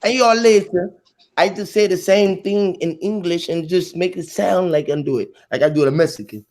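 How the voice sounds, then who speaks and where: A man's voice: high-pitched, brisk, darkish tone. A man hosting a casual chat, joking around and laughing often, slipping into playful mock voices. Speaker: host.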